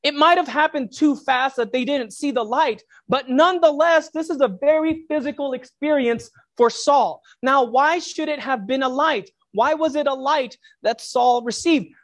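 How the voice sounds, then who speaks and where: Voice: high-pitched, moderate pace, few pauses. A preacher delivering a reflective sermon, posing rhetorical questions to the listeners.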